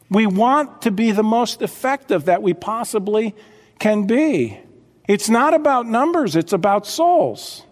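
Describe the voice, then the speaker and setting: A man preaching a sermon as pastor, fervent, dropping low and quiet and then rising sharply. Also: long reverb tail.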